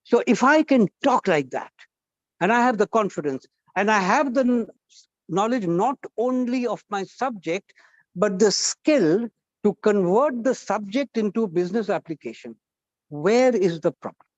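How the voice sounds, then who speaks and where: Man, fairly high voice, coaxing classroom trainer, dry muffled sound. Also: animated, normal speed, dry recording. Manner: coaxing, asks the class questions. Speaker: guest trainer at a college workshop. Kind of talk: interactive classroom talk.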